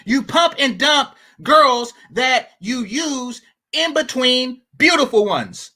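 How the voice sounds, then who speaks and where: A man's voice: very high voice, animated, slow, bright, forceful tone. A man giving blunt, mocking reaction commentary.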